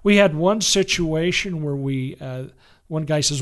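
A man who leads photography workshops, chatting casually and telling animated stories. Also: fairly high pitch, slow pace. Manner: animated storytelling with quoted voices. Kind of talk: casual conversation.

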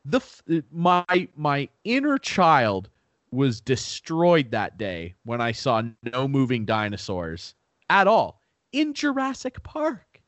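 A man's voice: mid-range voice, wildly swooping pitch, slow pace, a bit bright, no room sound. A young man co-hosting a podcast, chatting casually with lots of "like" and "dude" and some swearing. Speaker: podcast co-host. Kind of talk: casual chat.

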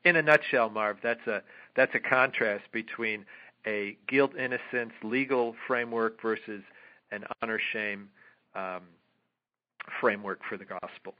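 A man being interviewed as a guest author, explaining at length in a halting way with many fillers and restarts. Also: fairly low pitch. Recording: dull lo-fi audio.

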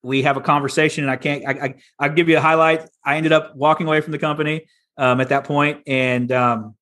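A man's voice: on the high side, little pitch movement, a little fast, fairly bright tone. A middle-aged man from Texas, a podcast guest telling his story in a candid, casual way with frequent restarts. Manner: candid, many restarts and repeats.

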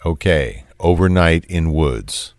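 A cold, menacing controlling man gives orders in a flat, commanding way, as a narrator reads him out. His voice is extremely deep and unhurried. The sound is dry and close. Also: dry recording, heavily acted.

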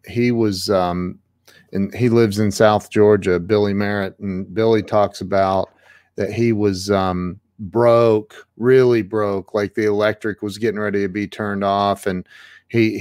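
A man's voice: fairly low pitch, clean tone, no room sound, clean studio sound. A man hosting a podcast, retelling a story with enthusiasm and many fillers. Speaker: podcast host. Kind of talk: casual interview chat.

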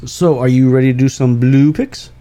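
A man's voice: mid-range voice, steady tone, normal speed, warm tone, faint music behind. Teasing man co-hosting, getting over a cold. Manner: laughing, teasing banter. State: recovering from a cold. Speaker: podcast co-host. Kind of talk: casual sports chat.

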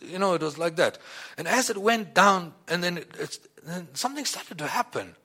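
A man giving a personal testimony in a rambling, halting way, often repeating "you know" and "like that.". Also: high-pitched, lively intonation, sharp tone, slightly rough. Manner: halting, many restarts and fillers. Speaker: church member giving testimony.

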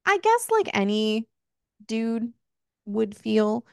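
Gravelly lady on a podcast mic, swearing her way through a book recap, dry sound. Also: fairly high pitch, takes it slowly, no room sound. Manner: profane, animated retelling with acted quotes. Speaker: podcast co-host. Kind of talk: casual book club chat. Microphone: close podcast mic.

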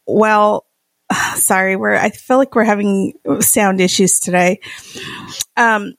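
A woman's voice: mid-range voice, fairly even intonation, slow pace, gravelly, dry recording. A woman co-hosting a podcast, chatting in a laid-back, reflective way. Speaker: podcast co-host. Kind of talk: casual chat.

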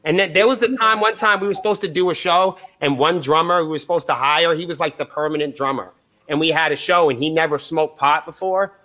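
A man's voice: on the high side, brisk, sharp tone. A man, a band's point of contact guesting on a podcast, telling rambling, profane stories in casual chat and acting out what people said. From New Hampshire, USA. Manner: profane, rambling, acts out quoted lines.

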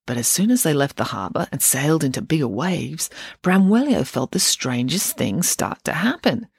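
A woman reading a children's storybook aloud, with expressive, animated narration. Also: low-pitched, moderate pace, vocal fry, slightly rough, no echo, clean studio sound.

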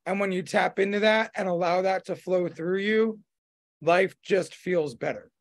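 Talking a little slowly in a high-pitched voice, a man hosts a podcast of casual, rambling chat packed with fillers and restarts.

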